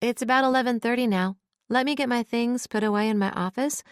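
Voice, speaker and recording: Woman voicing a brisk, friendly young assistant. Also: on the high side, clean tone, no room sound, studio quality, pitched above the performer's own voice, close to an everyday voice.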